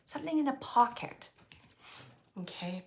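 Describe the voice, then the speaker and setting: A woman acting as a psychic medium, relaying a spirit's messages in a halting, searching way and often laughing. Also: high-pitched, lively intonation, vocal fry. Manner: halting, searching, thinking aloud.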